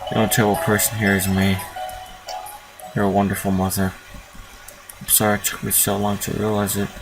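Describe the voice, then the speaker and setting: A man's voice: on the low side, completely flat delivery, a little fast, far from the mic, poor audio. A man hosting a gaming video, reading a story game aloud and adding casual, joking comments. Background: game music.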